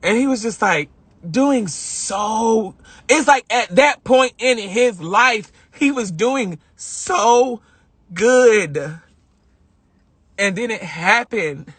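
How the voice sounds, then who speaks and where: Male vlogger, high bright voice, dry close phone sound, earnest and repetitive monologue. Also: expressive, extremely slow, breathy edge, no room sound. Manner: heartfelt, rambling, repeats himself. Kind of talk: emotional live-stream monologue. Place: in a car.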